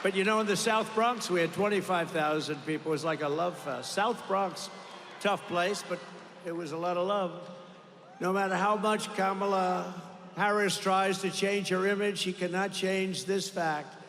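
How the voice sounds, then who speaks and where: A man's voice: high voice, fairly even intonation, moderate pace, fairly bright tone, a little hiss or hum. An older man giving a campaign rally speech in a large arena, boastful and repetitive, drifting into rambling asides. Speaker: political rally speaker. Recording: echoey arena with long reverb.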